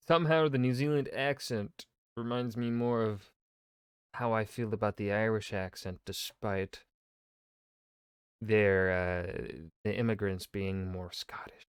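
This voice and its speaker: A man's voice: on the low side, steady tone, slow, pauses often, smooth, dry recording, studio quality. A man hosting a reaction video, chatting casually and rambling between laughs. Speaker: reaction channel host.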